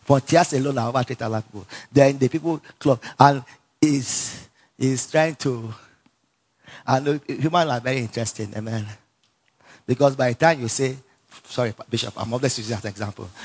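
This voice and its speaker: A man with a Nigerian accent preaches a sermon as animated storytelling, laughing often, repeating phrases and calling on the congregation to respond. His voice is medium-pitched at a normal speed, with a breathy edge.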